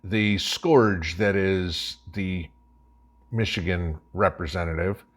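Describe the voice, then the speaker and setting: A man with a very deep voice rants in scornful commentary. He hosts the show and keeps pressing each point with a sharp "okay?". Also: slow. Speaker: host. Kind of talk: opinionated commentary.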